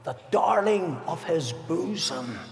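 A man preaching a fervent evangelistic sermon as pastor, swinging between ringing declamation and hushed, solemn passages in a large arena. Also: fairly high pitch, expressive, slow pace, vocal fry. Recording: echoey arena with long reverb.

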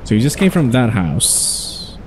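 A gaming channel host with a mid-range voice offers casual let's-play commentary, thinking aloud as he plays. His pitch swings widely while his pace stays measured, with slight background noise.

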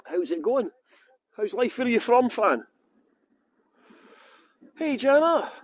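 A man's voice: sits high, expressive, moderate pace, husky. A Scottish man giving a live-streamed tour outdoors on a windy hilltop, chatting with viewers and laughing often. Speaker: tour guide. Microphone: good external microphone.

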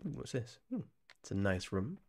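English male streamer, young, a bit low-pitched, rambling live commentary with lots of restarts. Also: very animated, normal speed, darkish tone. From England. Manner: rambling and chatty, often restarting phrases and laughing. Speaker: game streamer.

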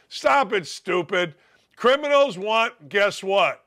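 A man's voice: sits high, expressive, measured pace, bright, forceful tone. A middle-aged man hosting a sports talk show, delivering a brash, combative and mocking monologue.

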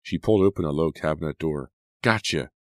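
A man narrating a horror audiobook in a measured, suspenseful reading. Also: rumbling low, darkish tone, no echo, clean studio sound.

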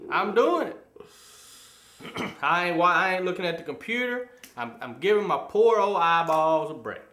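A man co-hosting a casual talk show, animated and halting, often restarting his sentences. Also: on the high side. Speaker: co-host. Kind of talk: casual chat. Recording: echoey room.

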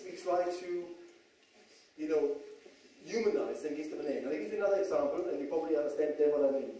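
German-accented guy giving a jokey talk, keeps saying okay, mellow voice, far off in a really echoey hall, faint hiss. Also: high-pitched. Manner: joking, keeps checking in with "okay?". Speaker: speaker. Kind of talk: public talk to an audience. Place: talk venue.

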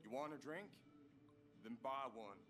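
An actor playing a curt, dismissive bartender who speaks in a heavy put-on drawl. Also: male voice, mid-range voice, measured pace, music in the background, close to an everyday voice.

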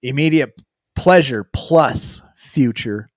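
Man, recovery stream host, animated, laughs a lot, dry close sound. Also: medium pitch, slow pace, dry recording. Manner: animated, laughs often, reads passages then explains. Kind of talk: casual recovery talk stream.

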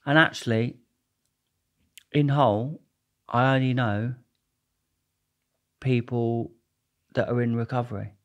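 Brief: male guest, casual storyteller, rambles and jokes, mid-pitched. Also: steady tone, takes it slowly, pauses often, fairly bright tone. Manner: rambling, jokey, restarts a lot.

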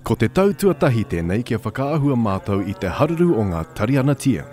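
Lively male narrator over music. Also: medium pitch, fairly quick.

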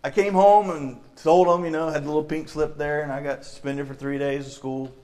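A middle-aged preacher with a Southern US accent delivers his sermon in a church, his voice sitting a little high for a man. He tells stories from his own childhood and acts out the people in them. His talk moves easily between storytelling and teaching. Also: fairly even intonation, fairly quick, darkish tone. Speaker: lay preacher. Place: church sanctuary.

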